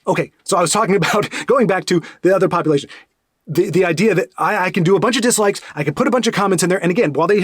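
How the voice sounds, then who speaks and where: A man talks quickly in a fairly high voice, rambling through a casual monologue with many restarts. The sound is dry and close, with no room around it. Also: no room sound. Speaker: podcast host.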